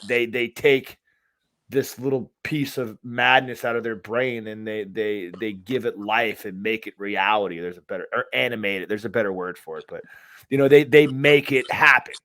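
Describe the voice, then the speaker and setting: A man with a lowish, slightly bright voice co-hosts a podcast at a moderate pace in a dry recording. His casual chat rambles, is full of profanity, and keeps restarting.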